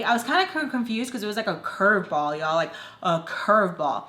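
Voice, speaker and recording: A woman's voice: mid-range voice, brisk, few pauses, a bit bright, echoey room. A young woman telling a storytime vlog in a casual rant, full of fillers and quoted back-and-forth. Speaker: vlogger.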